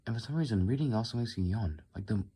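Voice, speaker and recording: A tired young man rambling softly and unscripted into his phone in his bedroom late at night, with a soothing, unhurried voice. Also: lowish voice, lively intonation, slightly rough. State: tired, sleepy. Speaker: vlogger.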